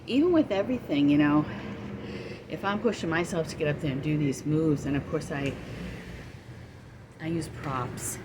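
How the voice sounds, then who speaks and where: A woman's voice: low voice, moderate pace, long pauses. Breathless woman vlogging on a walk. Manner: chatty, rambling, self-encouraging. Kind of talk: casual walking vlog. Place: outdoors on a walk near traffic. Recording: loud outdoor noise with passing vehicles.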